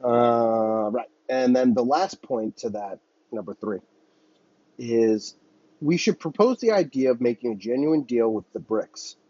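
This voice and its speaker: A man's voice: medium pitch, measured pace, dark tone, no echo, muffled recording. A man hosting a podcast, ranting on his own in a heated, profane, rambling way. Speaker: podcast host. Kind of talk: solo political commentary rant.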